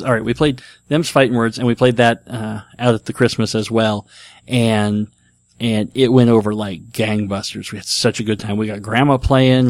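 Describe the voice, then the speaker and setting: A middle-aged podcast host with a mid-range voice leads a casual chat about board games, with no echo. He talks enthusiastically and rambles with fillers.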